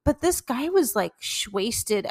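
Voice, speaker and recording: A young adult woman co-hosting a casual podcast, telling animated stories full of "like" and laughter. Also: fairly high pitch, measured pace. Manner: animated storytelling, lots of "like" and laughing. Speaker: podcast co-host. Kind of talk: casual chat.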